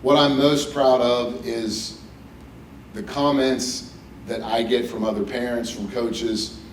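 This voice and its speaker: Speaking slowly in a level, mid-range voice, a middle-aged West Virginian delivers a personal, lighthearted hall of fame acceptance speech from a podium to a banquet hall audience. He's from West Virginia, USA. It's recorded from a distance in an echoey hall, slightly off mic, with a little hiss or hum.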